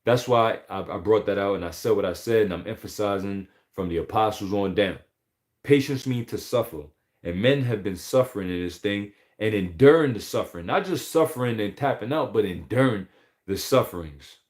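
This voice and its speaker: A man giving an informal scripture teaching, emphatic and profane, often pausing to ask "all right?". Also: on the low side, lively intonation, darkish tone. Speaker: religious teacher.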